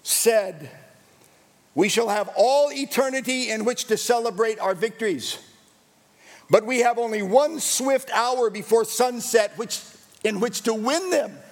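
Male pastor, high gravelly voice, emphatic repetitive preaching in a reverberant hall. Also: unhurried. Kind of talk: sermon.

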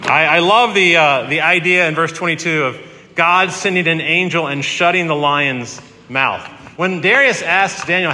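A man delivers a sermon in a casual, storytelling way. His voice is bright and a little high. The sound rings with long reverb from a large hall. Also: moderate pace, slight background noise. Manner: conversational and animated, with vivid retelling. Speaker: pastor.

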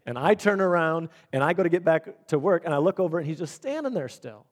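A middle-aged man preaching a sermon, animated and storytelling, acting out the dialogue he quotes. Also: a little high, quick pace. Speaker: pastor.

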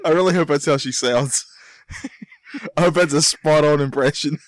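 A man's voice: fairly high pitch, normal speed, no echo. A man co-hosting a podcast in casual chat, laid-back and chuckling. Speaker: podcast co-host.

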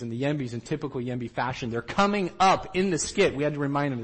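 A man giving a storytelling talk to trainees, animated, and he acts out the quotes himself. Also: a little high, fast talker, hardly any pauses, rough recording. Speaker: missionary trainer.

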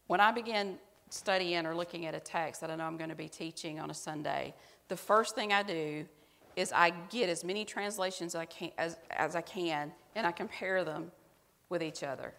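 A woman's voice: lowish voice, normal speed, vocal fry, fairly bright tone, long reverb tail. A woman pastor giving a sermon, speaking to the congregation in a conversational, self-mocking way.

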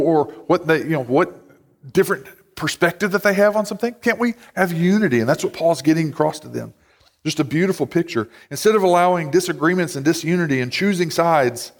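Conversational preacher in a ringing hall. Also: male voice, a little high. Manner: conversational, with many "like" and "you know" fillers. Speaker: pastor. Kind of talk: sermon. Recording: long hall reverb.

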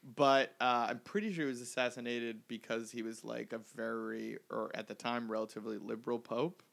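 A man's voice: medium pitch, steady tone, creaky, a bit bright. A man hosting a podcast in a studio, chatting casually with guests and cracking teasing jokes. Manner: joking, teasing, quick asides. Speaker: podcast host.

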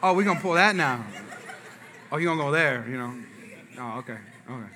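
A man's voice: a little high, expressive, a little fast, noisy background. A man preaching a sermon in a church, telling a family story with acted-out dialogue and asides to the congregation. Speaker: pastor.

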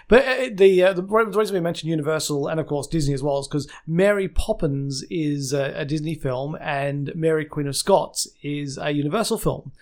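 A man's voice: fairly high pitch, a little fast, few pauses, a little mellow. A man hosting a podcast, talking casually with many fillers and restarts. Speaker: podcast host. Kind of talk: casual chat.

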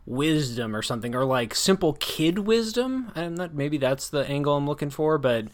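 An American man hosts a casual book discussion as a podcast host, talking critically and ramblingly with plenty of restarts and hedges. His voice sits on the high side, expressive, at a moderate pace.

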